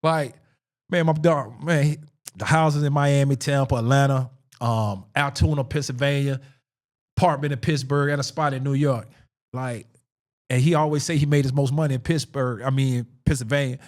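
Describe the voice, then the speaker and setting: A man's voice: mid-range voice, fairly even intonation, normal speed. A man co-hosting a podcast, telling a personal story in an emphatic, conversational way, repeating phrases for stress. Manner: conversational, acts out quoted dialogue. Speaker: podcast co-host.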